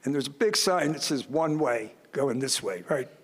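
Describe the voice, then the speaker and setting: A man's voice: medium pitch, lively intonation, normal speed, breathy edge. Older man telling folksy stories in a hall. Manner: folksy storytelling with self-deprecating humor. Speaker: student commencement speaker. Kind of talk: commencement speech. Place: large ceremony hall. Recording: long reverb of a large hall.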